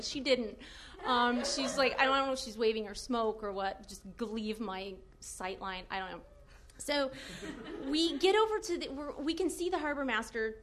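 A young adult woman telling a funny personal story in a casual, animated way, laughing often and filling with "like". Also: on the high side.

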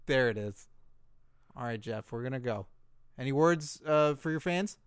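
A man's voice: mid-range voice, lively intonation, normal speed, clear, resonant tone, no echo, studio quality. A man co-hosting a comedy podcast, teasing and laughing often in casual banter. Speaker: podcast co-host.

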